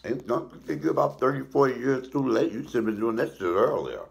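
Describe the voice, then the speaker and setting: A middle-aged male comedian telling blunt, profane stories in a casual, animated way while cooking. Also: medium pitch, quick pace, gravelly. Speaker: comedian and cooking show host.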